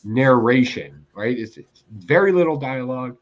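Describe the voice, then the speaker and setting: A man's voice: mid-range voice, moderate pace, muffled recording. A man co-hosting a casual comics podcast, ranting with lots of laughs. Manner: animated, ranting, laughs often. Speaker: podcast co-host reviewing comics. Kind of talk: casual chat.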